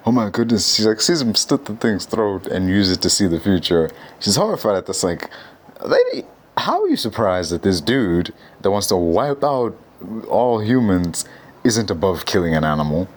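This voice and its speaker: A man tears into a film with disbelieving exasperation, cursing frequently and throwing out rapid questions. He speaks at a normal speed in a fairly low voice whose pitch swoops wildly.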